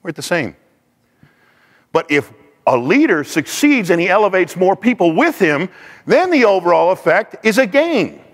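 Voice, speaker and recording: Man, animated teaching voice, acts out quotes, echoing hall. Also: sits high, moderate pace. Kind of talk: teaching talk to a class. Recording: long hall reverb.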